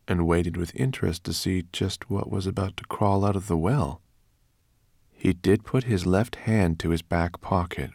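Low gravelly guy reading a storybook, dry close mic, takes his time. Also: no room sound. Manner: measured, expressive storytelling. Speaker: narrator. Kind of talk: audiobook narration.

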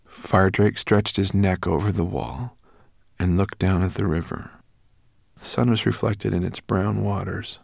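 A man narrating a children's storybook, expressive and voicing each character. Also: sits low, a little slow, creaky, no echo, clean studio sound. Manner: expressive, shifts voices for characters. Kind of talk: audiobook narration.

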